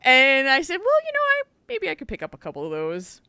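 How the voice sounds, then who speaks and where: Podcast co-host, female, bright and lively, acts out quotes and laughs often; dry, close sound. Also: sits high, fairly quick, no echo. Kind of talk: casual gaming chat.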